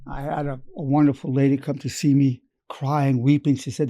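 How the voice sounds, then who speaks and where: A man's voice: medium pitch, little pitch movement, moderate pace, hardly any pauses, mellow. A psychologist in his eighties giving a lesson by retelling client stories, quoting dialogue and repeating key phrases. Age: 80s. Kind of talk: storytelling lecture.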